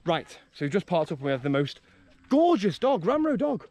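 A man's voice: fairly high pitch, big pitch swings, fairly quick, darkish tone, slight background noise. A young man vlogging outdoors in a rural hill village, chatty and friendly, asking lots of curious questions. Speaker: travel vlogger. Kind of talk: casual travel vlog chat.

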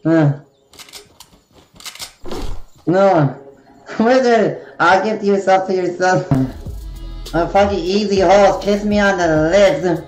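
Erratic, swearing male streamer; slow talker, roomy noisy room. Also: sits high, faint music behind. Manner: loud, profane, erratic screaming and laughing. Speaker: game streamer. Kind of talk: live streaming commentary.

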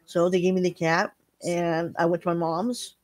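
A middle-aged woman chatting casually to her viewers, telling a halting, rambling story full of restarts. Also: fairly low pitch, level tone. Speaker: vlogger. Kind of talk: casual chat.

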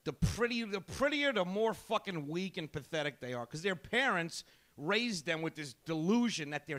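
A male comedian works a comedy club crowd with an abrasive, profane, needling delivery. His voice sits high and comes across bright and forceful. He picks fights with the audience as he goes. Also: sing-song, moderate pace. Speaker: stand-up comedian. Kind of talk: stand-up set.

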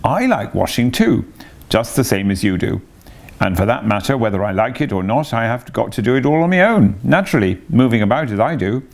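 A man's voice: medium pitch, big pitch swings, a little fast, vocal fry, voice pushed up. A man voicing a large, hearty canal barge woman who talks in a bluff, friendly way.

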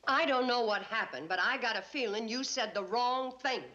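A woman's voice: fairly high pitch, normal speed, very noisy, close to an everyday voice. An actress playing a motherly hotel owner who coaxes quarreling men to make up, heard on a dull old TV soundtrack. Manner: coaxing, motherly.

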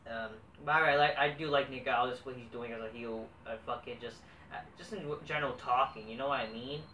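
A young man rambles through a casual, profanity-laced show recap in a bright, forceful voice. He sits well back from the mic in an echoey room with a faint hiss behind him. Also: mid-range voice, steady tone, brisk, recorded from a distance. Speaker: wrestling show reviewer. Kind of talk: casual vlog review.

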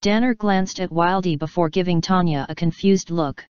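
A woman reading fan fiction aloud in a measured narration. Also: fairly low pitch, darkish tone, clean tone, no echo, highs cut off. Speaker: fanfiction reader. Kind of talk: audiobook narration.

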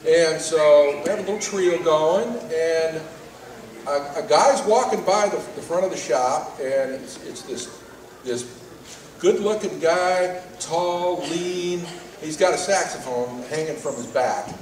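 A man, a saxophone player, telling an animated tribute story at a live awards event with many fillers. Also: on the high side, takes it slowly, a little hiss or hum. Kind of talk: storytelling speech. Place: live music event stage. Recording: roomy hall from far off.

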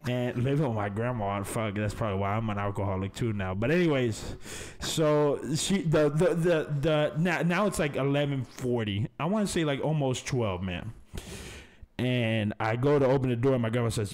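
A man's voice: mid-range voice, moderate pace, darkish tone. A young man, hosting a podcast and telling a story in a casual, profane, laid-back way, peppering it with "man" and "baby". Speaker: podcast host.

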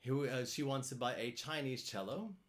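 A man runs a cello live stream from home in France, his mid-range voice moving at a normal speed. He reads viewer comments aloud and replies casually, frequently repeating himself while thinking out loud.

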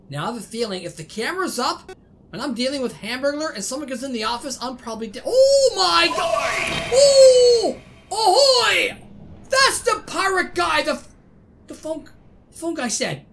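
A woman host giving excited let's-play commentary, laughing often and talking to the game characters. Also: high voice, slight background noise. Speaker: gaming channel host.

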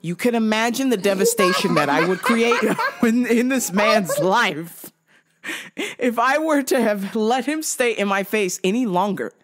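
A podcast host relates a story from work with lots of profanity, sarcasm, and laughter woven through, in a casual comedic style. Her voice is mid-range and animated, and her delivery runs a little slow.

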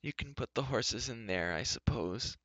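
A man's voice: mid-range voice, lively intonation, moderate pace, fairly bright tone, no room sound. A man putting on a sighing gloomy recluse. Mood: grudging sigh. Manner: sighing, weary, sulky. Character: gloomy put-upon old male recluse. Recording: dull dry lo-fi recording.

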